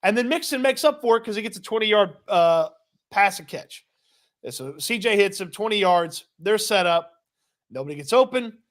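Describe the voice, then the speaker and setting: A man co-hosting a sports podcast, recapping a football game play by play in a casual, quick, laughing manner. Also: high-pitched, expressive, a bit bright. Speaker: podcast co-host.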